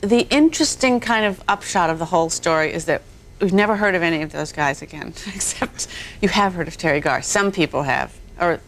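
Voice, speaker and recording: A woman's voice: on the low side, a little fast, slight background noise. A woman in her forties, a guest actress on a talk show, telling rambling anecdotes with self-deprecating laughs.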